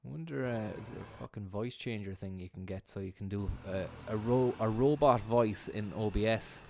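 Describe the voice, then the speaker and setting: A man's voice: fairly low pitch, normal speed, creaky, a little hiss or hum. A man doing rambling, profane live stream commentary, slipping into a mock announcer voice as he riffs.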